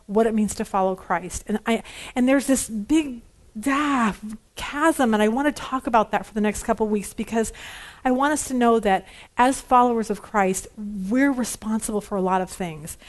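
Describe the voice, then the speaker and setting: A woman, teaching a Bible study in a chatty, storytelling way. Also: on the high side. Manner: chatty, animated storytelling with frequent "okay?". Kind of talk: casual teaching with personal stories.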